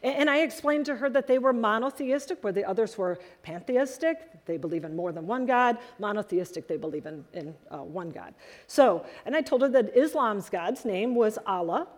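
A woman preaching a sermon to her congregation, telling stories in an earnest, animated way. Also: mid-range voice, moderate pace. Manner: earnest storytelling, animated emphasis.

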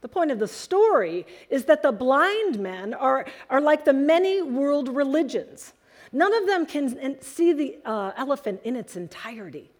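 A woman delivers a sermon, telling stories in an earnest, animated way. Her voice sits a bit high for a woman, and she leans hard on key words as she explains. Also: normal speed. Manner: earnest storytelling, animated emphasis. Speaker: preacher.

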